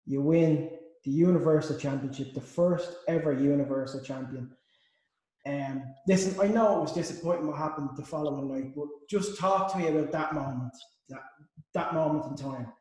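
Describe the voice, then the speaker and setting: An Irish man hosting a casual interview, easygoing and quick to chuckle as he prompts his guest. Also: a little high, a little mellow. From Ireland. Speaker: host. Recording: very echoey room.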